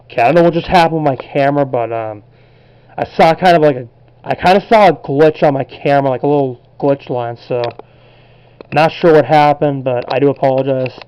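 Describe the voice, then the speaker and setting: A young man talking casually to camera as he pages through a yearbook, relaxed and rambling, often unsure how names are pronounced. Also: medium pitch, fairly quick, clear, resonant tone, muffled recording. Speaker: collectibles vlogger.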